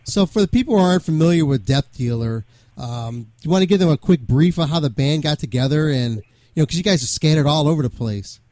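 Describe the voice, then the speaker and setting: A man's voice: fairly high pitch, expressive, darkish tone, no echo. Easygoing male radio host, dry sound. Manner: easygoing, quick backchannels and laughs. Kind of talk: casual interview.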